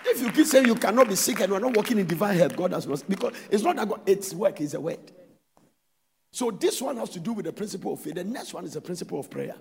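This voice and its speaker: A man preaching a sermon, emphatic and loud, switching between shouts and soft asides. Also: sits high, expressive, fast talker, creaky, long reverb tail, a faint crowd, a little hiss or hum.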